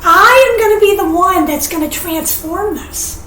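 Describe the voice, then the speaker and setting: A woman giving an earnest, emotional personal testimony as a podcast guest, animated and sometimes tearful. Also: very high voice, normal speed. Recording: roomy, distant mic, faint noise.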